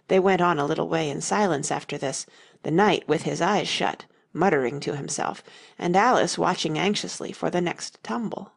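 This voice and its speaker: A woman narrating a storybook in a steady, measured reading. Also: low-pitched, gravelly. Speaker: audiobook narrator.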